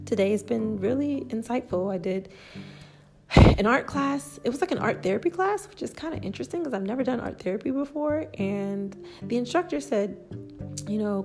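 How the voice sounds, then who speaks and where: A woman vlogger casually telling a travel story, chatty and lively, acting out the people she quotes. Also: on the high side, moderate pace, vocal fry, music in the background.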